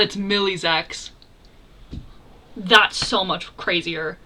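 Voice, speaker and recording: A young woman hosting a reaction video, talking casually and exclaiming excitedly as she comments. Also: medium pitch, moderate pace, slight background noise.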